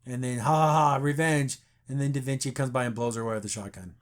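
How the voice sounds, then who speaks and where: A man's voice: medium pitch, quick pace. A man hosting a casual review podcast, rambling through a plot recap and often repeating words. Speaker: podcast host.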